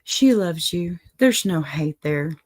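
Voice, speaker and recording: Woman, low pitch, unhurried pace, soft reassuring advice, casual talk. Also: expressive. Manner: gentle, reassuring, apologetic asides. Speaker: advice show host. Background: dog in the room.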